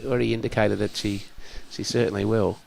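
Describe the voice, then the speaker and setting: A man co-commentating live lawn bowls, agreeable and measured. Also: lowish voice, little pitch movement, vocal fry. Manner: agreeable, brief affirmations and measured analysis.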